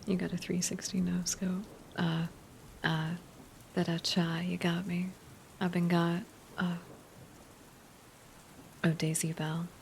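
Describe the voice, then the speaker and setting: A woman streamer in a whispered ASMR chat, musing softly in rambling, nerdy tangents. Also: fairly low pitch, little pitch movement, slow pace, creaky, long pauses, a little hiss or hum.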